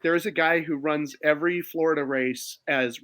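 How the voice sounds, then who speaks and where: Bright, upbeat male podcast co-host. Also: a little high, steady tone, moderate pace, no room sound. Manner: upbeat, enthusiastic. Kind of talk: casual chat.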